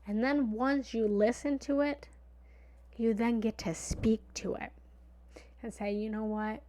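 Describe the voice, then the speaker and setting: A woman giving a motivational talk in a lively, conversational way. She sometimes drops into a whisper for emphasis and repeats phrases playfully. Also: fairly high pitch, takes it slowly. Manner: repetitive, playful analogies. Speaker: motivational speaker.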